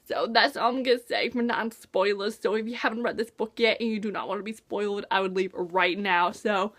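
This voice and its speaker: A woman's voice: mid-range voice, a little fast, few pauses, a bit bright. A young woman casually reviewing a book in a vlog, bubbly and gushing, with lots of "like" and "oh my gosh".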